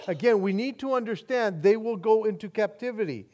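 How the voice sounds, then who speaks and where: A male pastor preaching a sermon in an earnest way, often restarting and repeating words, and moving between quiet and emphatic passages. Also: sits high, lively intonation, fairly quick.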